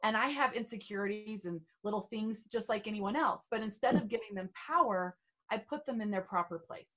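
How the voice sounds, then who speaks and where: A woman's voice: mid-range voice, fairly quick, a bit bright. A middle-aged woman guesting on a podcast as a beauty trainer, talking in a bubbly, playful, self-assured way. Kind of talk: casual podcast chat.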